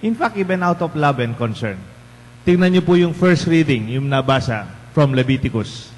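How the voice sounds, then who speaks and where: In a large church with long reverb and a faint hum, a parish priest from the Philippines delivers a bilingual homily in a chatty style, asking the congregation rhetorical questions. His Filipino-accented voice is fairly high, animated and darkish in tone, at a moderate pace.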